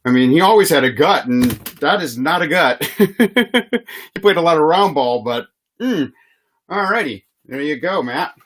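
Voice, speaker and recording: A man's voice: fairly high pitch, expressive, measured pace, a bit bright. A man hosting a live trading card box break, reading player names in a chatty, easygoing way and laughing often.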